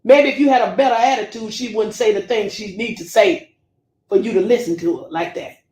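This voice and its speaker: A woman's voice: mid-range voice, brisk, a little mellow, echoey room. A woman talking straight to her camera viewers, scolding and preaching, calling them baby and family. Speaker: YouTube commentator. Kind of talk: direct-to-camera rant.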